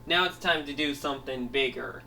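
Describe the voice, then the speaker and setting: A man voicing a boastful, mischievous male character who schemes in quick, repetitive bursts. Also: medium pitch, vocal fry, pushed and bright. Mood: scheming. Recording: voice heard from a distance, faint noise.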